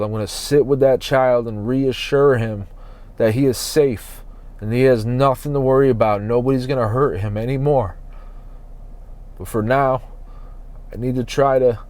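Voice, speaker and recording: A man hosting a solo podcast from inside his parked van, talking slowly and earnestly as he searches his soul. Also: mid-range voice, a little mellow. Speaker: podcast host.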